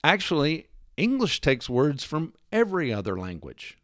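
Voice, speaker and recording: Man for a sarcastic opinion monologue, lively swooping delivery, dry close sound. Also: a little high, moderate pace, no room sound. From United States. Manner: emphatic, sarcastic, lecturing with rhetorical questions; mimics accents in quoted lines. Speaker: commentator.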